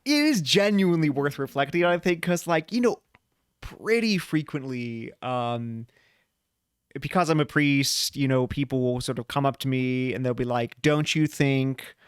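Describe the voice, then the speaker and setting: Brief: male podcast co-host, smooth and resonant, dry close mic, lively casual chat. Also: medium pitch, moderate pace, no echo. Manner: animated, playful when paraphrasing old texts.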